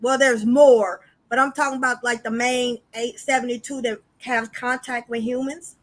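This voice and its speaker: A woman hosting a casual spiritual podcast, animated and chatty, talking straight to her listeners. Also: on the high side, moderate pace. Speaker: podcast host.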